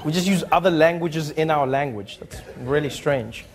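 A man doing stand-up crowd work, animated and laughing, before a live audience. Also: fairly high pitch, normal speed. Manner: animated, laughing, mock French voices.

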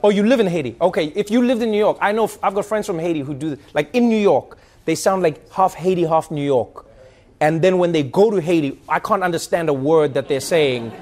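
A man from South Africa telling a lively, animated story in casual chat, slipping into other people's accents. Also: a little high, a little fast. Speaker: host.

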